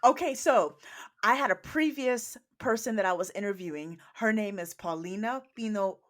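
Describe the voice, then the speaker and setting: A woman hosting an interview podcast, chatting in a warm, encouraging way. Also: mid-range voice, moderate pace. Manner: warm, encouraging, laughs often. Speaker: podcast host. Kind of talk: casual interview chat.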